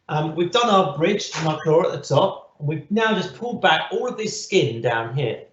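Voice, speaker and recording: A man's voice: fairly high pitch, fairly bright tone. A man giving a patient, step-by-step live online cooking lesson to children from a kitchen. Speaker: cookery teacher. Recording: echoey, slightly dull audio.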